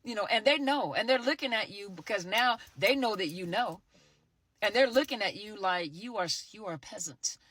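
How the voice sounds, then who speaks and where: Animated woman talking in a dry room. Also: medium pitch, moderate pace, dry recording. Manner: animated, repeats phrases for emphasis. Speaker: host. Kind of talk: talk on narcissistic abuse.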